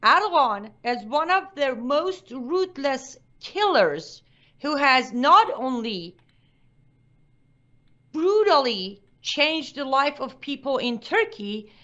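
Woman, talk show guest, high voice, emphatic, muffled lo-fi recording. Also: sing-song, slow pace, sharp tone. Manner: emphatic, firm statements. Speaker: guest commentator. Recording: dull lo-fi sound.

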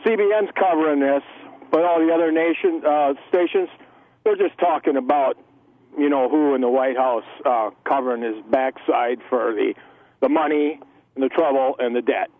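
A man calling in to a talk radio show, speaking hesitantly with many pauses and fillers. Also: medium pitch, dry recording. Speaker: caller. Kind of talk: call-in comment. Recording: thin phone line.

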